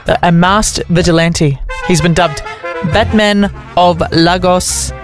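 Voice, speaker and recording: A man reading news headlines on breakfast radio in a brisk, upbeat way. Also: sits high, steady tone, music in the background. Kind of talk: news read with banter.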